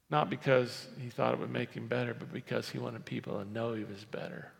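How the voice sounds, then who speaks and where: A man preaching a sermon as a pastor, swinging between loud emphasis and quiet, low asides. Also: fairly even intonation, brisk, creaky, hardly any pauses, in a large hall. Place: church.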